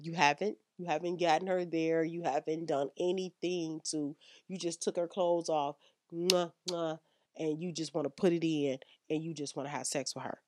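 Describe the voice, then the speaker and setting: A woman's voice: low voice, fairly even intonation, normal speed, darkish tone, no room sound, clean studio sound. A woman hosting a frank sex-advice podcast, blunt and slangy as she lectures her listeners. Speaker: podcast host.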